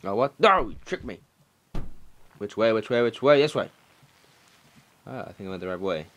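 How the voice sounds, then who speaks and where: A young man doing let's play commentary, excitable and swearing, shouting at the game. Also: lowish voice, normal speed. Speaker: gaming commentator.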